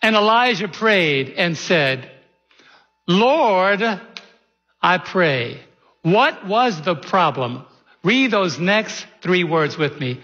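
A man's voice: high-pitched, sing-song, slow, pushed and bright, long reverb tail, muffled recording. A man preaching a sermon in a church, in a folksy, conversational way full of rhetorical questions. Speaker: pastor.

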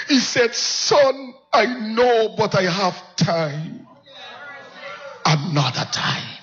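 A male pastor delivers a slow, deliberate sermon, rising from a hush to soaring, anguished cries. His voice is bright and sits a little high. The recording has a dull, lo-fi sound. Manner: impassioned preacher, swinging from low hush to high cries.

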